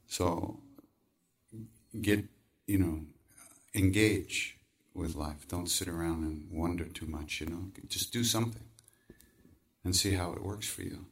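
A man's voice: sits low, takes it slowly, far from the mic. A man telling a personal story in conversation, acting out quoted voices and laughing often. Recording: voice from away from the mic.

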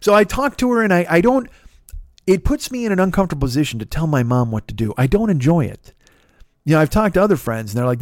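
A middle-aged man hosts his podcast in a loose solo monologue, rambling and swearing with an exasperated edge. His voice sits a little high for a man. The sound is dry and close, with no room around it. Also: very animated, quick pace, no room sound. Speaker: podcast host.

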